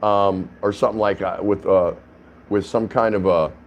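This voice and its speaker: Low-voiced guy rambling on his home vlog, loose and chatty, faint hum behind. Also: fairly even intonation, moderate pace, muffled recording. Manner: rambling, chatty, frequent restarts and fillers. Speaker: vlogger host. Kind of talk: casual talking-head vlog. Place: apartment indoors.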